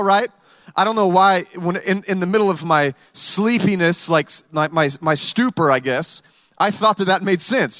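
A man's voice: sits high, normal speed, a bit bright, dry recording. A male pastor preaching a sermon in a conversational way, with humorous stories.

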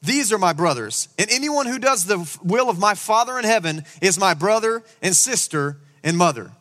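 Bright high-voiced preacher in a reverberant hall. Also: male voice. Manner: animated preaching, rhetorical questions. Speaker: pastor. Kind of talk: sermon. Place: church sanctuary.

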